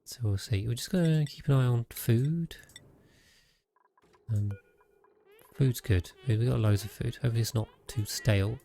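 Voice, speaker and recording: A man's voice: medium pitch, normal speed, creaky, pauses often, warm tone, slight background noise. A man streaming a game, thinking aloud in casual commentary with frequent restarts and trailing sentences.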